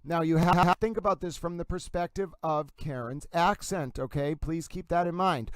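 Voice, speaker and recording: A man with a Massachusetts accent hosts a commentary stream and argues each point with insistence. His voice sits high and sounds smooth and clear. The sound is dry and close. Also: normal speed, hardly any pauses, no room sound. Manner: emphatic, insistent, repeatedly addresses "ladies and gentlemen". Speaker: livestream host.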